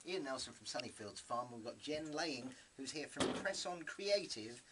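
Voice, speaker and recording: A man's voice: mid-range voice, animated, normal speed. A man hosting an evening radio show, chatting enthusiastically in the studio with plenty of hesitant fillers. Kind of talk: casual studio chat. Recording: noisy broadcast recording.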